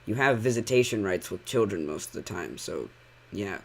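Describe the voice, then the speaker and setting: A man's voice: lowish voice, expressive, moderate pace. Sarcastic man ranting in commentary. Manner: sarcastic, rambling, heavy use of "like". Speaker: channel critic.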